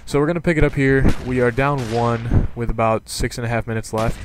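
A young man giving casual commentary on a video game, rambling and excitable, with lots of fillers. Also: mid-range voice, brisk, background noise. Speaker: gaming commentator. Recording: game sound and gunfire behind. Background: gunfire from gameplay.

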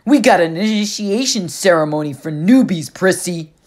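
A woman reading an audiobook, voicing a mean teenage girl bully with a husky voice and slow, sneering taunts. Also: fairly low pitch, lively intonation, a little mellow, pitched above the performer's own voice.

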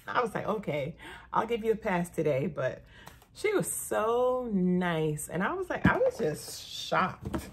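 A middle-aged woman chatting casually to camera about a shopping haul, an animated storyteller who often says "y'all.". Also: mid-range voice, a little slow, breathy edge. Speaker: haul vlogger.

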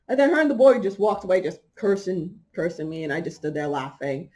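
A woman's voice: fairly low pitch, fairly quick, hardly any pauses, darkish tone. A middle-aged woman hosting a podcast, telling a personal story in a casual way. She laughs often and acts out the people she quotes. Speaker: podcast host.

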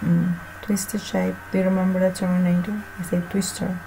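Teacher lady, gravelly voice, slow careful explaining, faint hiss behind. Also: lowish voice, level tone, mellow, poor audio. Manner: slow, repeats and spells out words for students. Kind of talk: online class instruction. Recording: faint background noise.

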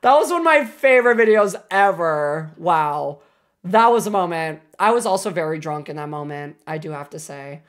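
A young woman in her twenties streaming, chatting casually and excitably with lots of filler words. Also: sits low. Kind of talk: casual livestream chat.

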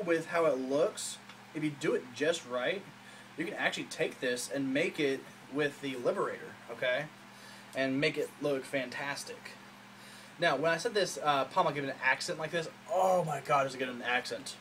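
A man's voice: fairly high pitch, fairly bright tone, slight background noise, poor audio. Rambling, upbeat man in a small room. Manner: rambling, enthusiastic, many fillers. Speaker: hobbyist showing a custom saber. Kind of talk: casual show-and-tell vlog.

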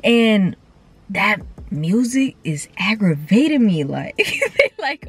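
A woman's voice: fairly high pitch, moderate pace. A young woman, chatting casually to camera and telling stories full of quoted voices. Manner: animated storytelling with quoted voices and laughs. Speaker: vlogger.

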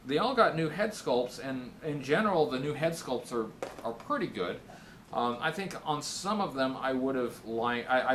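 A man hosting a casual Q&A vlog, reading viewer questions aloud and answering in a halting, thoughtful way with frequent pauses. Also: medium pitch, a bit bright, a little hiss or hum. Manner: reads viewer questions aloud, then answers them plainly.

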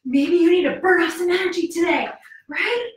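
A woman with a high voice leads a kids yoga class in an upbeat, coaxing way, counting out the moves and cheering. She is a little out of breath from the exercise. Her voice comes from some distance off in an echoey room. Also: normal speed.

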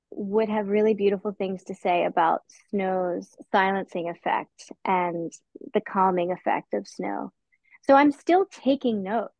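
A woman's voice: medium pitch, no room sound. A woman author answering interview questions in a thoughtful, conversational way, sometimes restarting her words. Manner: thoughtful, with restarts and soft laughs.

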